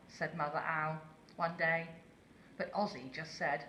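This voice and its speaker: A woman reading a children's story aloud slowly and expressively, asking listeners questions. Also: on the low side, fairly bright tone, echoey room, slight background noise.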